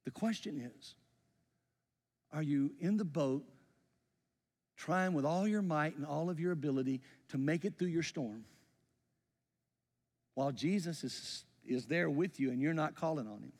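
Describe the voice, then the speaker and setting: A man, preaching a sermon as a pastor, his voice swelling with feeling and then falling to a near hush. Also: fairly high pitch, measured pace, pauses often. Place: church sanctuary. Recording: long reverb in a large hall.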